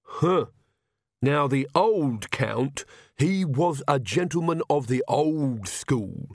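A haughty male castle servant from a comic storybook, grumbling and slow, voiced by a male reader. His lines come out measured and sour, in a dry, close recording. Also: medium pitch, lively intonation, no room sound, pitched above the performer's own voice.

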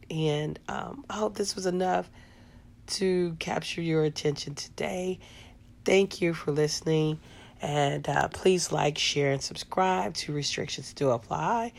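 A woman's voice: lowish voice, unhurried, vocal fry. A middle-aged woman hosting a podcast, telling a personal story in a casual, rambling way with lots of fillers. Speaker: podcast host.

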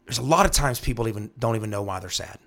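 A man's voice: lowish voice, lively intonation, rapid-fire, vocal fry, fairly bright tone. A man speaking as a pastor, teaching from the Bible in an earnest way, repeating phrases and checking in with "right?". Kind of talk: devotional Bible teaching talk.

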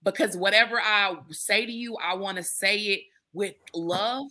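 A woman guesting on a podcast, chatting casually and thinking out loud with frequent restarts. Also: mid-range voice, measured pace. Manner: thoughtful, hesitant, with many restarts and "like". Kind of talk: casual chat.

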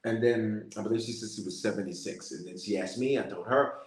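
A male bishop preaching in a lively storytelling way and calling out to his listeners. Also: lowish voice, a little fast, roomy sound. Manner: storytelling, animated, calls out to listeners. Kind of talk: sermon-style prayer message.

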